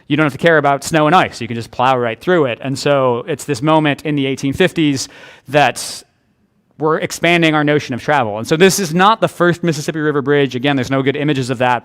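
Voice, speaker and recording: A man's voice: fairly high pitch, fairly bright tone. A man giving a public history lecture as an author, conversational and thinking aloud, with frequent restarts.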